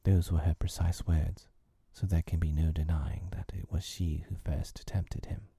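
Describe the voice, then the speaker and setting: A man reading a children's classic aloud in a soft, breathy, half-whispered storytelling voice. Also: sits low, level tone, a little slow, no echo.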